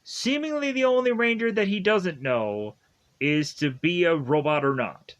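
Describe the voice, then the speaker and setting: A man's voice: high voice, lively intonation, a little slow, muffled recording. A young man casually recapping a show episode, rambling with lots of "like" fillers and frequent chuckles.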